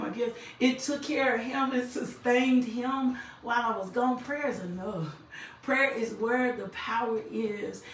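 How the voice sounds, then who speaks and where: A woman's voice: on the high side, a little hiss or hum. A woman minister giving a fervent testimony about prayer, repeating key phrases for emphasis, then closing in prayer. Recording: echoey room, mic at a distance.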